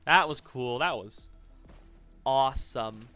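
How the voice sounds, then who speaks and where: Male streamer, mid-pitched and bright, muttering and cursing as he plays. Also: slow pace, clear, resonant tone, no echo, faint music behind. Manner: thinks aloud, stammers and repeats himself, swears when frustrated. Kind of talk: live gaming commentary.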